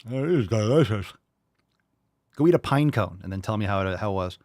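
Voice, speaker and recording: A man's voice: lowish voice, expressive, a little fast, long pauses, darkish tone, dry recording, clean studio sound. A man hosting a live podcast who rants bluntly and profanely and mocks his listeners' excuses in put-on voices. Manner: mocking impressions of listeners. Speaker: podcast host.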